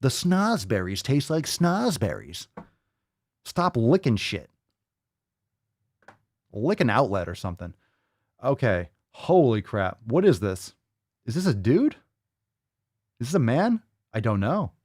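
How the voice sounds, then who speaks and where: A man's voice: medium pitch, sing-song, takes it slowly, pauses often, darkish tone, no room sound, studio quality. A man hosting a show, mocking and exasperated as he reacts to a video clip and swears freely. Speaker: host reacting to clips. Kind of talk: casual reaction commentary.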